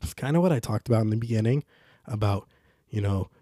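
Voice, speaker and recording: Podcast host, young man, low mellow voice, rambling casual monologue, dry close recording. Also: quick pace, dry recording. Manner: rambling, animated when quoting others.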